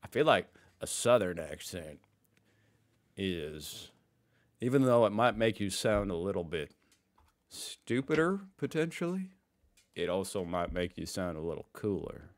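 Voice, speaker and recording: A man's voice: sits low, big pitch swings, unhurried. An American man hosting a reaction video, commenting in a chatty, self-deprecating way as he thinks aloud. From United States. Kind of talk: casual commentary.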